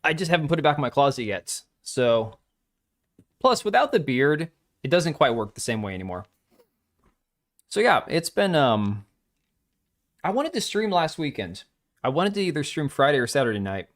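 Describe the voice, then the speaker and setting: A man's voice: fairly high pitch, very animated, normal speed, pauses often, fairly bright tone. A middle-aged man hosting his own livestream, tired and sore, chatting loosely, joking, chuckling and swearing casually from a home setup. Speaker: streamer hosting his live show.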